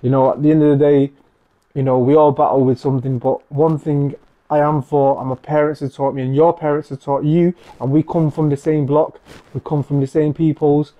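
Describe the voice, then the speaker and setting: A man's voice: a little high, flat delivery, a little fast, warm tone, lo-fi sound. A man with a Mancunian accent, from Manchester, speaking earnestly and with passion as host of a podcast conversation. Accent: Mancunian English. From Manchester, England. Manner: earnest and impassioned.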